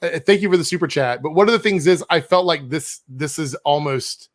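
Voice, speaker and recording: A man's voice: a little high, a little fast, no room sound, clean studio sound. A man with a slightly raised voice chats loosely on a live stream, reading out viewer messages and laughing between lines. His talk runs loose and easygoing. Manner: laughs often, reads super chats aloud. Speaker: co-host of a fan show. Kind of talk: casual live-stream chat.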